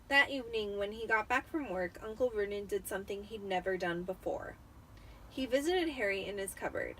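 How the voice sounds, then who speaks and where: A woman narrating a novel aloud in a slow, plain way. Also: medium pitch, lively intonation, fairly bright tone, breathy edge, rough recording. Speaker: reader. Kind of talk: dramatic reading of a novel.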